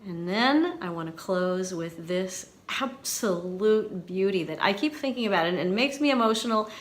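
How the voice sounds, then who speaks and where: A woman's voice: medium pitch, lively intonation, normal speed. A woman over fifty hosting her own vlog, talking in an earnest, chatty way to viewers in a light soprano voice. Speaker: channel host and university teacher. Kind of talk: casual vlog talk to viewers.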